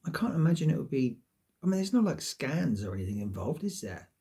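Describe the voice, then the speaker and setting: A man talks to camera in a loose, wandering ramble. His voice is gravelly and mellow, and he pokes fun at himself while swearing freely. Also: mid-range voice, very animated, fairly quick. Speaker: vlogger. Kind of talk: casual rambling monologue to camera.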